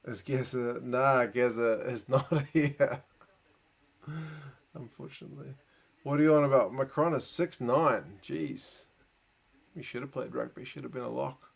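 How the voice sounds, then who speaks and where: A man with a New Zealand accent hosting a late-night live reaction stream. He mutters asides and answers chat comments in a relaxed, tired way. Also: medium pitch, measured pace, gravelly, pauses often, slightly rough. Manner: relaxed, muttered asides and chatty replies to viewers.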